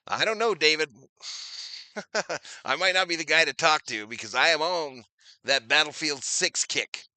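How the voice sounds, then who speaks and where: Calling plays live, reading comments out and calling his chat "y'all," this middle-aged watch-party host keeps things chatty and repeats phrases a lot. His voice is fairly high, pushed and bright, with no echo in the recording.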